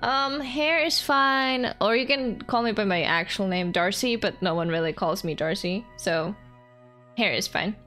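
A woman's voice: medium pitch, unhurried, bright, forceful tone. A young adult woman streaming a game in casual commentary, playful, giggly and self-mocking. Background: faint game music.

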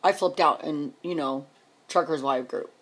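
Husky, exasperated woman ranting. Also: deep voice, unhurried. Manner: exasperated, rhetorical questions, repeats herself. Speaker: vlogger. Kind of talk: emotional rant to camera.

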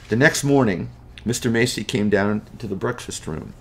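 A man narrating a spooky storybook tale in a dramatic, measured way. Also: on the low side, slight background noise.

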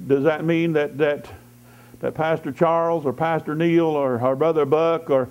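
A man's voice: fairly high pitch, steady tone, measured pace, clear, resonant tone. A man preaching an evening church sermon as a lay preacher, fervently repeating declarations and breaking in with hallelujahs. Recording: dull lo-fi church service recording.

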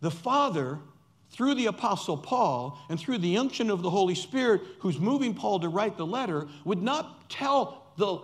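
A man's voice: high-pitched, animated, moderate pace. A man preaching a sermon as pastor, emphatic and repeating key words for stress, with playful asides.

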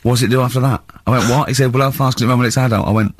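A man's voice: mid-range voice, steady tone, very fast, no echo, clean studio sound. A man from England hosting a radio show, telling stories with a mocking, laughing manner. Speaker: radio host. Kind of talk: casual radio banter. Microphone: studio microphone.

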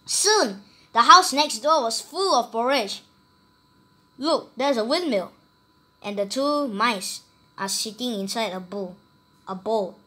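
Slow, bright woman reading a storybook. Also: on the high side. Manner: animated, pointing out pictures as she reads. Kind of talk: reading a picture book aloud to children.

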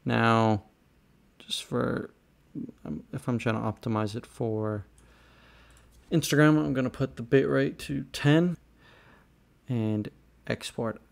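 Young-sounding guy, mid pitch, casual tutorial host, talks straight to viewers, slightly exasperated. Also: fairly even intonation, slow pace, gravelly, long pauses. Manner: frustrated, rambling, talks to viewers directly. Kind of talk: casual screen-recorded tutorial.

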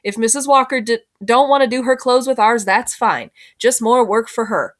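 A woman's voice: fairly high pitch, normal speed, natural voice. A woman reading as a weary, scolding country mother. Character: weary rural mother of ten, sharp-tongued.

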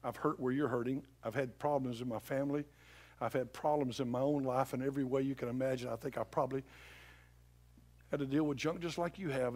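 A middle-aged male pastor preaching a sermon with passion, swinging from loud appeals to hushed pleading. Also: medium pitch.

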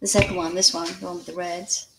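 A woman's voice: lowish voice, level tone, quick pace, creaky, heavy background noise. Chatty older Australian-accented woman crafting. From Scotland. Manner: chatty, muses aloud over measurements, laughs easily. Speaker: craft channel host. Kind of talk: casual live-stream chat while crafting. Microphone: camera at a crafting table.

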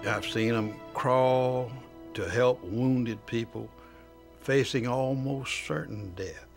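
Older veteran with a gravelly voice. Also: male voice, medium pitch, takes it slowly, faint music behind. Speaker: war veteran interviewee. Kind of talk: recounting memories in an interview.

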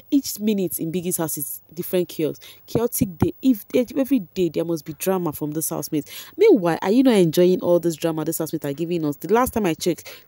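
Excitable Nigerian woman with a mellow voice. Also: lowish voice, no room sound. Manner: excitable, laughs often, talks straight to viewers. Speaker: reality show commentator. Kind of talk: casual reality TV commentary.

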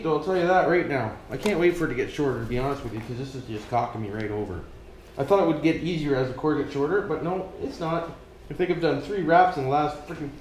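A Canadian man with a fairly high, lively voice that swoops up and down as he jokes. He swears freely and chats to his viewers like old buddies while he works at a project. The sound is echoey, with a faint room noise behind him. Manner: profane, joking, addresses viewers as "boys". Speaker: vlogger. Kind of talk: casual vlog while working.

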